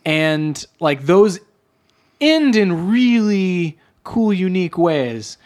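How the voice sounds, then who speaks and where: A man's voice: high voice, big pitch swings, takes it slowly, darkish tone. A man co-hosting a casual movie chat, rambling and leaning heavily on filler words. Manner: rambling, heavy use of filler "like". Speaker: podcast co-host.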